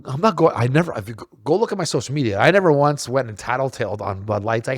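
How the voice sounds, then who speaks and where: Guy talking fast and blunt, cusses, trips over his words, dry sound. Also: mid-range voice, lively intonation, no room sound. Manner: blunt, swears, many restarts and repeated words. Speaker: podcast co-host. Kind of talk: casual opinionated chat.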